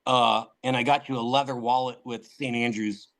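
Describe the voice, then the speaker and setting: A man's voice: mid-range voice, steady tone, normal speed, a bit bright, poor audio. A man guest on a podcast, telling a long anecdote in casual chat, full of fillers and restarts.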